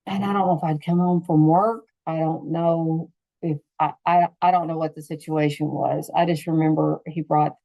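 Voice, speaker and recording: A middle-aged grandmother chats as a podcast guest, telling family stories with lively acted-out quotes. Her voice sits somewhat low. The sound is dry, with no room echo. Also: normal speed, gravelly. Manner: animated, acts out quotes in the story. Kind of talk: casual conversational storytelling.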